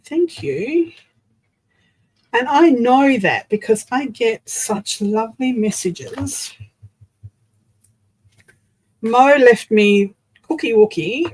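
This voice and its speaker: A woman's voice: fairly high pitch, breathy edge, rough recording. An Australian woman hosting a casual crafting livestream, chatting to viewers as she glues and assembles a project. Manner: chatty, talks while working with her hands.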